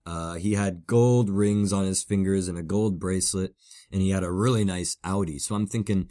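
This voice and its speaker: Podcast host guy, lowish voice, rambling story with lots of uh and like. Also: a little fast, darkish tone. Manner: rambling, lots of fillers and repeated "like". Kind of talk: casual anecdote storytelling.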